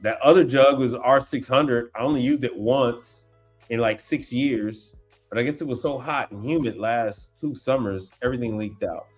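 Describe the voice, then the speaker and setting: A man with a mid-range voice hosts a casual livestream, talking in a loose, slangy way. He exclaims and repeats himself as he reacts to things in front of him. Soft music runs faintly underneath. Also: medium pitch, moderate pace. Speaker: appliance repair tech livestream host. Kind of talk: casual livestream chat while browsing online.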